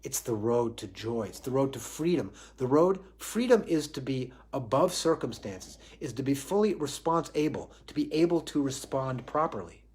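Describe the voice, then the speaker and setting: A man's voice: mid-range voice, lively intonation, normal speed, few pauses, a little mellow. A man giving a live spiritual talk on responsibility in a reflective way, often restarting phrases and asking himself questions aloud. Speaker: spiritual teacher.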